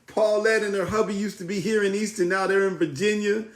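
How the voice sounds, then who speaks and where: A man's voice: sits high, steady tone, fairly quick, roomy sound. Upbeat man hosting a livestream. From South Jersey. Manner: greets viewers by name, upbeat and familiar. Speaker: livestream host. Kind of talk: casual livestream chat.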